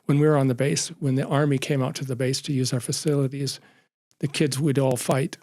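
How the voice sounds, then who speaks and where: Male artist guest, 50s, gravelly voice, unhurried with fillers. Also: medium pitch, flat delivery, warm tone, dry recording. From Germany. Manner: reflective, unhurried, with frequent fillers. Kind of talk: casual chat.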